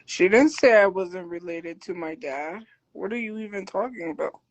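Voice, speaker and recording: A woman livestreaming who answers her chat defensively and argues back, habitually talking loud. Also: lowish voice, lively intonation, normal speed, rough recording. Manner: defensive, argumentative. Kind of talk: live stream chat replies.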